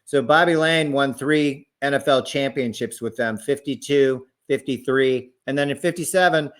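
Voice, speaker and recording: A man co-hosting a podcast, recounting sports history in casual chat and often pausing with "uh". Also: medium pitch. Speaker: podcast co-host.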